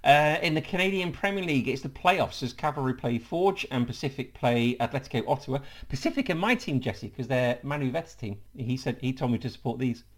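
A man hosting a football podcast, reading a brisk rundown of fixtures and news with dry jokes. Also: mid-range voice, lively intonation. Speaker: podcast host.

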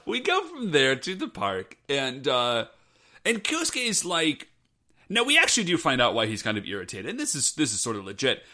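A man's voice: medium pitch, moderate pace. A man co-hosting a casual podcast, recapping an episode and acting out characters' lines. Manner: animated, acts out quoted lines. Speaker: podcast co-host. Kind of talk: casual chat recapping a show.

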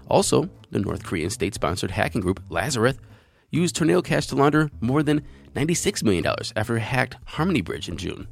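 A man's voice: medium pitch, creaky. A man hosting a crypto news show, reading out articles and giving his opinion in a conversational, earnest way.

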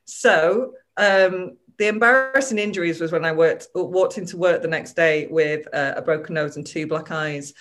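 A woman's voice: on the low side, normal speed, hardly any pauses, fairly bright tone. A woman from northern England, a comedian guest on a podcast, telling a rambling, self-mocking anecdote in casual chat.

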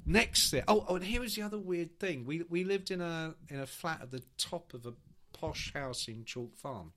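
A man's voice: fairly high pitch, normal speed. A man telling an anecdote as a podcast co-host, acting out quoted voices and swearing casually. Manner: animated storyteller, acts out quotes. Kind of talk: casual storytelling chat.

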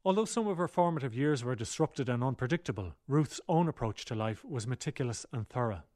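A man reading scripted documentary narration in an even, measured way. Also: mid-range voice, dry recording, studio quality.

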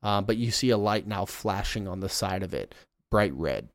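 A man's voice: fairly low pitch, moderate pace, no room sound. A man running a tabletop game as game master, describing scenes and calling for rolls. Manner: descriptive, relaxed, rolls of dice.

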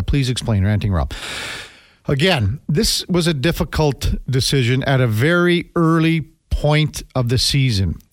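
A man's voice: fairly high pitch, no echo, studio quality. A man hosting a casual morning radio show, rambling and chatty with lots of fillers.

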